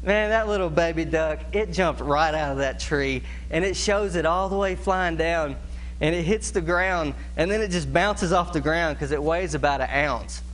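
A middle-aged man preaches a sermon, his voice sitting a little high. He tells stories in a folksy, laughing way and breaks into imitations of animal calls as he goes. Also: moderate pace, a bit bright, a little hiss or hum. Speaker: pastor.

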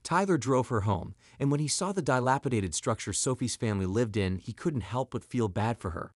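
Expressive male story narrator. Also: mid-range voice, fairly quick, no room sound, studio quality.

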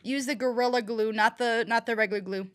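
A woman's voice: a little high, fairly even intonation, brisk, a bit bright. A woman chatting casually as she reacts to a cartoon episode, rambling with fillers and restarts. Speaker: reaction video host. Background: show audio with music.

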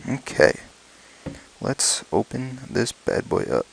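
A man unboxing motorcycle gear at home late at night, talking quietly and slipping into excited whispers so as not to wake a sleeping child. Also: fairly low pitch, a little slow, gravelly, pauses often, slight background noise, low-quality recording. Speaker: motorcycle vlogger. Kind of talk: casual unboxing vlog.

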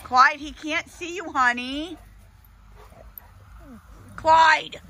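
A woman's voice: high-pitched, extremely slow, bright, forceful tone. A woman at an animal rescue, talking to her animals in a cooing, sing-song baby-talk voice for a casual vlog.

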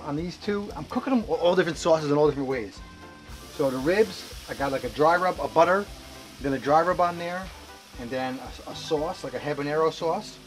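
Chatty man cooking on a vlog. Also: fairly high pitch. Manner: chatty, rambling with restarts. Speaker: co-host cooking on camera. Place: home kitchen and grill.

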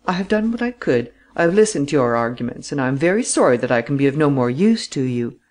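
A man's voice: mid-range voice, sing-song, fast talker, darkish tone, lightly acted. A man reading the part of an anxious aristocratic official who is evasive and frightened. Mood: defensive.

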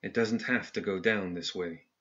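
A man voicing a tough, weary woman outlaw who speaks in a low, quiet voice, in a dull lo-fi audiobook recording. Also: lively intonation, a little fast. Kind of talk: audiobook story reading.

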